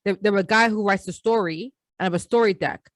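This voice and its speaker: Animated slangy woman co-host. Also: medium pitch, quick pace, no echo. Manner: animated, slangy, laughs often. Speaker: podcast co-host. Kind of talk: casual sports chat.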